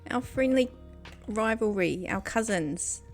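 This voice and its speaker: On a casual game stream, a woman with a New Zealand accent speaks slowly into her desk microphone, her voice on the high side with lively intonation. She's giggly and chatty, addressing her viewers directly, while faint music plays behind.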